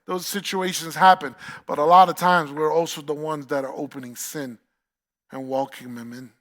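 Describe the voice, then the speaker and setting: A man's voice: a little high, steady tone, normal speed, a bit bright. A man with a New York accent preaching a sermon as pastor, emphatic, repeating key phrases and asking the congregation questions.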